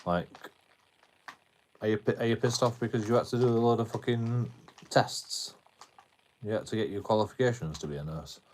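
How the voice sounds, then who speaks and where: A man's voice: on the low side, moderate pace, pauses often, darkish tone, slight background noise. A British man live streaming, arguing with his chat in a combative tone, swearing a lot and repeating himself. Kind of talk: ranting at chat on a livestream.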